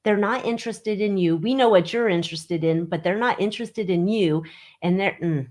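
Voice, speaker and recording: A woman hosting a casual livestream, mocking and gossipy, with loud exclamations, talking into her webcam. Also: medium pitch, moderate pace. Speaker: livestream host reading tarot on tabloid stories.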